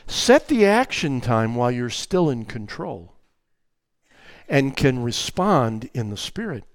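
Here a medium-pitched male voice speaks slowly in a dry recording. The speaker is an older man, a grandfather, giving an animated, emphatic sermon on child-rearing and acting out family conversations.

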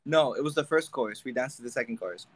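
Young male podcast co-host, animated storyteller, mid-pitched voice, casual chat. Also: fast talker, no room sound, low-quality recording.

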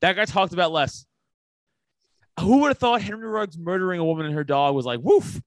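A man's voice: high-pitched, a little fast, no room sound. A man from the United States, a comedian guesting on a podcast, ranting bluntly with heavy swearing in casual chat.

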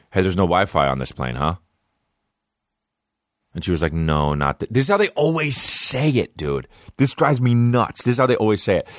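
A male comedian hosting his podcast, rambling through a profane, animated monologue. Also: mid-range voice, no room sound, studio quality.

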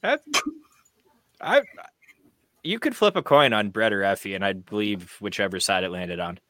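A man with a somewhat low voice chats casually as a co-host. He stumbles and restarts his phrases over and over. The sound is close and dry. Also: animated, a bit bright, no room sound. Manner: halting, stammering restarts. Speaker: co-host reviewing wrestling. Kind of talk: casual chat.

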